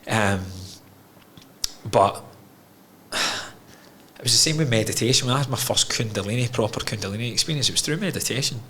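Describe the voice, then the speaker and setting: A man's voice: medium pitch, moderate pace, pauses often, bright, forceful tone, slight background noise. A man, a podcast guest telling his own story candidly, frank and emotional, swearing freely.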